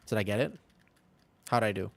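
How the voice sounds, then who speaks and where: A man's voice: lowish voice, moderate pace, creaky. A man streaming a game, chatting casually with his chat, joking and answering questions.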